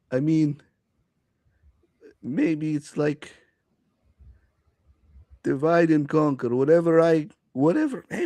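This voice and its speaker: Slow, hesitant man in a dry room. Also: fairly high pitch, dark tone, no room sound. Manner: hesitant, full of fillers and restarts. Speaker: player. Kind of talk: in-character tabletop play.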